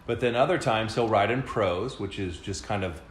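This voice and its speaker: A man's voice: lowish voice, normal speed. A man co-hosting a podcast, explaining at length in a casual way with many fillers and restarts. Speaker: podcast co-host. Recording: echoey room, faint background noise.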